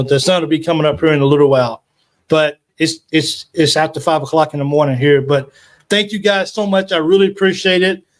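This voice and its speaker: Emotional man hosting a fan live stream. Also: fairly high pitch. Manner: rambling, halting, with many fillers and restarts. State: emotional, near tears. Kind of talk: casual live-stream chat. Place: home, at night.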